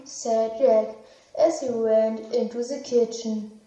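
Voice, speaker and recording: Woman reading a kids' story, slow and clear, highish voice, echoey lo-fi room. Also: steady tone, mellow, distant mic. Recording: echoey, dull lo-fi room recording.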